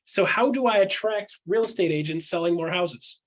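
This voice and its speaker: In a candid chat about real estate, a man with a high voice punctuates his points with quick rhetorical questions and plays out what other people say in their voices.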